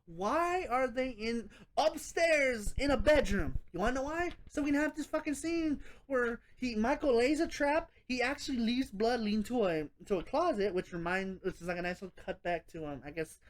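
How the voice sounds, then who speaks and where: A woman giving a casual spoken horror movie review, animated and rambling, swearing often and laughing as she goes. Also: on the high side, normal speed, few pauses.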